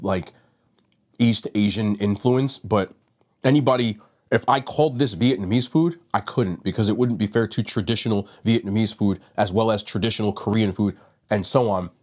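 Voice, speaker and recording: A man's voice: lowish voice, darkish tone. A man from New Jersey reviewing restaurant food on his vlog, talking casually and rambling a little while he eats. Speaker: food vlogger.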